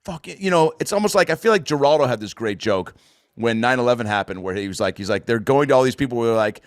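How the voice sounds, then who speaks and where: An American man hosts a podcast, talking fast and animatedly at a medium pitch in a loose, rambling chat full of swearing. The recording is studio quality with no room sound.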